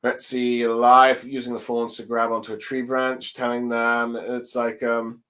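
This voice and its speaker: A young man casually recapping a comic chapter on his own, halting often with ums and let's sees. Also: medium pitch, level tone, fairly bright tone, poor audio. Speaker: chapter reviewer. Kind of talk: casual solo commentary.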